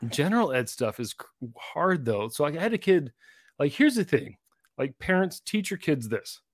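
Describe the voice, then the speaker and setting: Animated man telling stories, lively pitch. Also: moderate pace, no echo, studio quality. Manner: animated, acts out voices in anecdotes, self-deprecating. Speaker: podcast co-host, middle school teacher. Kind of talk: casual chat, storytelling.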